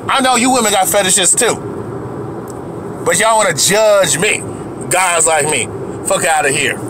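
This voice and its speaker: A man's voice: sits high, background noise. A man delivering an angry, profane rant to camera as a video commentator, heated and repetitive, often restarting his sentences.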